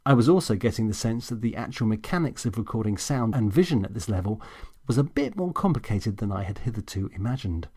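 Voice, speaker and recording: A man's voice: lowish voice, expressive, fast, warm tone, breathy edge. A man reading a comedy audiobook in the first person, with a wry, self-deprecating delivery. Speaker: audiobook narrator.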